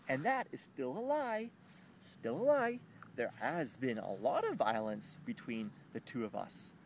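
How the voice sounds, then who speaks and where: A man's voice: mid-range voice, creaky, slight background noise. A young man venting to camera in an emotional personal rant, agitated and swearing, rambling with frequent restarts, recorded outdoors.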